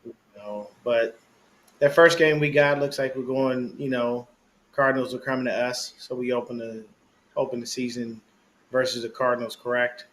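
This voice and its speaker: A man co-hosting a casual sports podcast, chatting in an animated, slangy way and laughing often. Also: medium pitch, normal speed. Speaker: podcast co-host.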